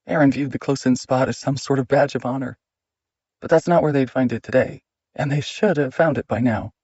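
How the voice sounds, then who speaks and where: A man narrating an audiobook in a measured, steady reading. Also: medium pitch, slightly rough, no room sound, dull audio.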